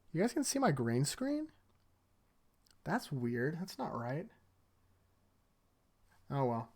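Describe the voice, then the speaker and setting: A man casually recapping anime episodes in front of a green screen, rambling with lots of fillers like "like" and "uh". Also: mid-range voice.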